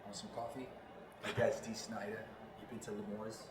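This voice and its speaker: A man's voice: on the low side, flat delivery, normal speed, roomy sound, close to an everyday voice. A man putting on a thick Long Island accent to show how he would sound from home. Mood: joking. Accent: Long Island New York.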